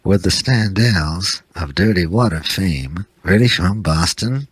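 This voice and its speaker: A radio host man with a deep, raspy voice and a laconic, dryly witty way of introducing records. His voice is recorded close in a dead-dry studio with no room sound. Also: lively intonation, measured pace, no room sound. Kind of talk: scripted radio DJ patter.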